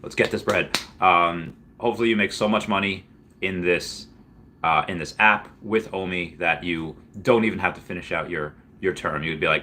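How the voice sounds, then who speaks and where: A man hosting a casual livestream Q&A, rambling and restarting, with sudden excited jumps in pitch. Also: moderate pace. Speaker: livestream host answering viewer questions.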